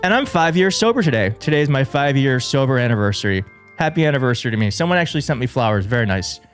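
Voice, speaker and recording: A man hosting a live political commentary show, excitable and jokey, often restarting his sentences. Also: medium pitch, fast talker, soft background music. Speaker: show host. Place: studio in a big city.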